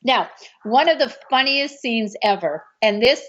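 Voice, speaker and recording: A woman's voice: on the high side, lively intonation, a little slow, fairly bright tone. A woman telling an anecdote about a film shoot. She acts out what other people said. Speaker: martial arts film actress recounting a film shoot. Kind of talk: anecdotal storytelling. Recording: dull lo-fi recording.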